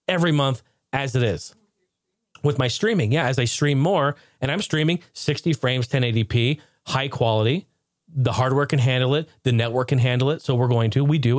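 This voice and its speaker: A man's voice: mid-range voice, no echo, clean studio sound. A man hosting his own podcast, chatting casually and telling stories with frequent laughs. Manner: animated storyteller, laughs often. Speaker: podcast host.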